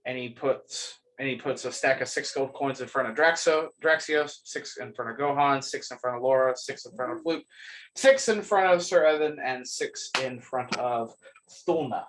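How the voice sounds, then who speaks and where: A man running a tabletop game as game master, narrating in a relaxed, halting way with many pauses. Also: mid-range voice, a little hiss or hum.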